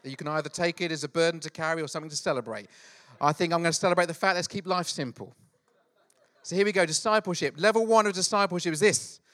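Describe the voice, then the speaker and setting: A middle-aged man preaching a sermon, telling Bible stories in an animated, joking way with quick acted asides. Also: on the high side. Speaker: pastor.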